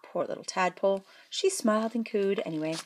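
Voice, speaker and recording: A woman's voice: medium pitch, a little fast, darkish tone, slight background noise. A woman reading a comic fairy tale aloud, playful with jokey asides. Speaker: storyteller. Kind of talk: playful storybook read-aloud.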